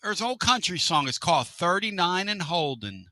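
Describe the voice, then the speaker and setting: A middle-aged man hosting a casual sports radio show, joking, with loud outbursts and drawn-out catchphrases. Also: sits high, very animated, dry recording.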